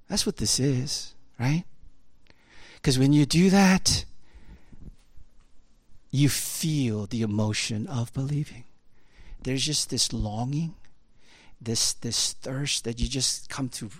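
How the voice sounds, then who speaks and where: A man preaching a sermon in a conversational way, often tagging "right?" and swinging between urgent, louder passages and hushed, intense ones. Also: mid-range voice, slow pace, long pauses, no room sound. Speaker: pastor.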